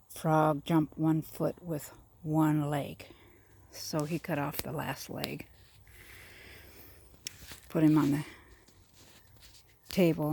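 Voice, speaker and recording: A woman's voice: deep voice, gravelly, mellow, slightly rough. A woman telling long, meandering jokes, with fillers and chuckles along the way. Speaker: joke teller. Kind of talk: rambling joke telling.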